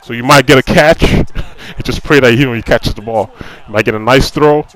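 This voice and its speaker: A man's voice: medium pitch, moderate pace, fairly bright tone, rough recording. Frustrated man ranting over gameplay. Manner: repeats himself, fillers like "you know". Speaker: gaming commentator. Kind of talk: casual gameplay commentary.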